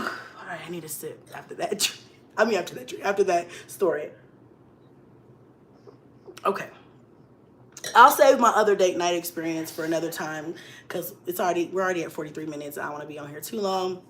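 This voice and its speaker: A young woman vlogger tells a story in casual chat, laughing often and swinging from loud bursts to hushed asides. Her pitch is fairly low, and there's a little hiss or hum in the audio.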